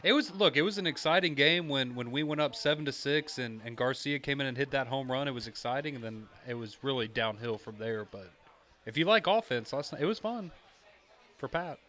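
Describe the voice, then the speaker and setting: A man's voice: medium pitch, expressive, brisk, pushed and bright. A man on a sports radio show, teasing the hosts in a dry, casual way.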